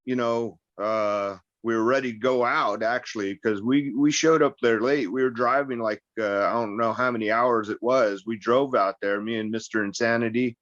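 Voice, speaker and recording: A man's voice: medium pitch, fairly even intonation, moderate pace, few pauses, fairly bright tone, dry recording. Brief: male wrestler guest, rambling and profane, storytelling; dry, slightly muffled recording. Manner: rambling, profane, acts out quoted voices. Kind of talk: casual interview storytelling.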